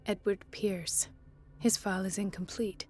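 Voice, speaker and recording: A woman's voice: medium pitch, fairly even intonation, measured pace, darkish tone, lightly acted. An actress voicing a compassionate, troubled woman doctor in a video game, over faint music. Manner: earnest, troubled. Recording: game audio under music.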